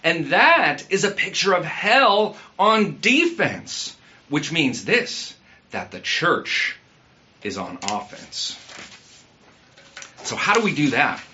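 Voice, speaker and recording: A man's voice: on the high side, big pitch swings, slow pace, bright, forceful tone, highs cut off. A man preaching a sermon in a conversational way, asking the congregation questions and using everyday fillers. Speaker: pastor.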